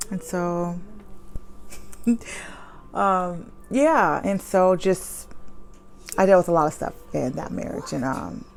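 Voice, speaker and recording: A woman in her thirties, a mother, telling a personal story at home in a candid, chatty way with lots of fillers, speaking fast. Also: fairly low pitch, creaky. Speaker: vlogger. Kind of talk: personal story time, advice to viewers. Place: home with children nearby.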